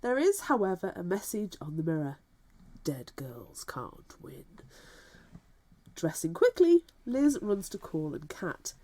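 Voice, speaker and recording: Animated woman with a lively voice. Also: medium pitch, moderate pace, few pauses. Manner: animated, wry commentary. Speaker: podcast co-host. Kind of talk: casual book discussion chat.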